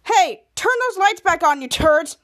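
A woman voicing a rude adult male villain who taunts loudly with name-calling, in a recap. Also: very high voice, lively intonation, unhurried, no room sound, clean studio sound, exaggerated voice. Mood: taunting.

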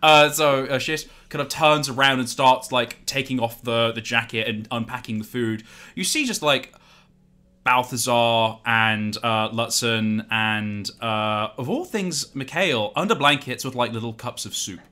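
A player in a tabletop role-play game, relaxed and descriptive, often murmuring agreement. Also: mid-range voice, unhurried.

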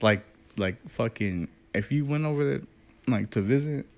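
A man's voice: medium pitch, moderate pace, slight background noise. A young man co-hosting a casual podcast, rambling and hesitant, with lots of profanity. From Southern California. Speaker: podcast co-host. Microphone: handheld podcast mic.

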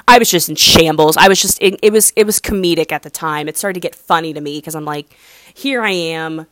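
A young adult woman telling a long personal story in a casual, chatty vlog, full of fillers and animated asides. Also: lowish voice, no echo, clean studio sound. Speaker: vlogger.

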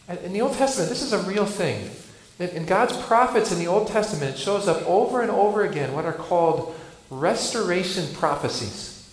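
A man preaching a sermon, earnest, rising loud and dropping soft for emphasis. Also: sits high. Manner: earnest, builds and drops volume for emphasis. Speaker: pastor. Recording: echoey hall with faint noise.

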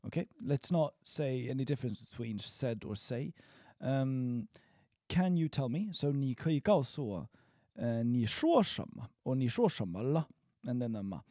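A man leads a relaxed spoken language lesson, warm-toned and mellow. His pitch swings widely as he encourages the learner. He rambles into fillers and restarts, recorded close and dry with no room sound. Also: normal speed, no echo. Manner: encouraging, chatty, trails off with fillers. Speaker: language teacher.

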